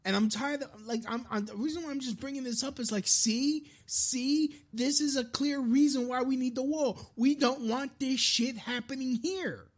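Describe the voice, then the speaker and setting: A man's voice: extremely high pitch, moderate pace, hardly any pauses. A man hosting a live-streamed podcast, delivering a frustrated, profane political rant with frequent restarts. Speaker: podcast host.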